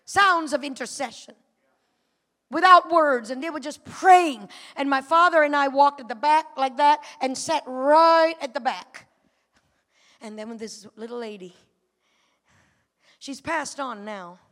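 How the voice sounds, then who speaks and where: Woman giving a testimony in church, very high voice, long hall reverb, lively chatty storyteller. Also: measured pace, long pauses. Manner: lively, chatty storytelling with frequent laughs and rising emotion. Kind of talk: personal testimony storytelling to a congregation. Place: church sanctuary.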